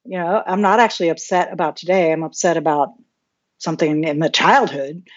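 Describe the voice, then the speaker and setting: A woman's voice: low voice, fairly quick, muffled recording. A woman guest telling a candid personal story, open and reflective, often restarting her sentences. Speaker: podcast guest.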